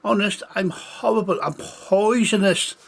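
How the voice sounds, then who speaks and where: A man's voice: high-pitched, unhurried, creaky, slightly rough, pitched above the performer's own voice, full character voice. A man putting on a frightened little girl, pleading. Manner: pleading, breathless. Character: nine-year-old human girl, frightened then kind.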